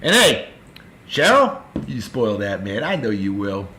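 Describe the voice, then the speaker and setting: A man, hosting a casual daily video and giving effusive, upbeat birthday shout-outs straight to friends. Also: fairly low pitch, very animated, unhurried, slight background noise. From Martha's Vineyard, Massachusetts. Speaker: host of a daily beer video. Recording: echoey room.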